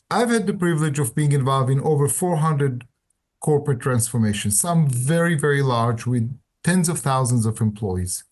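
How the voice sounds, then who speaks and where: Animated older male storyteller. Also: a little high. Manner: animated storyteller, acts out dialogue. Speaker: guest author. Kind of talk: storytelling interview answers.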